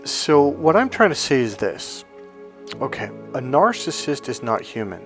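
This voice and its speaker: A man's voice: medium pitch, big pitch swings, measured pace, soft background music. Rambling male life coach. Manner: rambling, repeats words, animal analogies. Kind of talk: casual motivational monologue.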